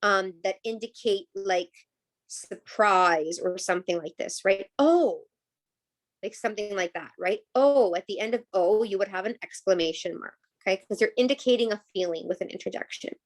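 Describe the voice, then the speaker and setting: Female teacher, online class on a video call, patient explainer, mid-pitched, keeps asking "right?". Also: a little fast.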